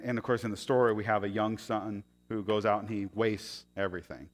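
A man preaching a sermon, moving between loud emphatic passages and quiet confiding asides. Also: sits low. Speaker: pastor.

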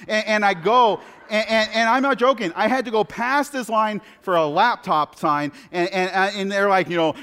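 A man preaching a sermon, telling funny everyday stories in a chatty, animated way. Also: high voice, moderate pace, hardly any pauses, clear, resonant tone. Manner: conversational, animated, self-deprecating anecdotes. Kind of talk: sermon with humorous storytelling. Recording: long hall reverb.

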